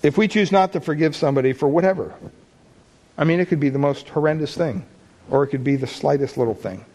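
A man's voice: a little high, fast talker, a little mellow. Conversational man preaching a sermon. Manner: conversational, asks the listeners questions. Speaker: pastor.

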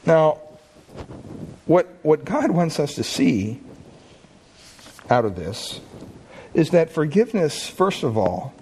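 A man preaching a sermon with a somewhat high voice. He talks in a conversational way, asking questions straight to the congregation. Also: very animated, slow pace, long pauses, mellow, slight background noise. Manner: conversational, asks the listeners questions. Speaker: pastor.

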